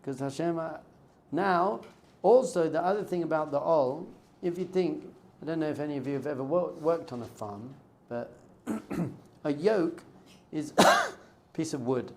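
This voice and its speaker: A rabbi leads an informal class, telling stories and acting out bits of dialogue in a conversational way. His voice is on the high side with lively intonation and vocal fry, and he speaks a little slowly.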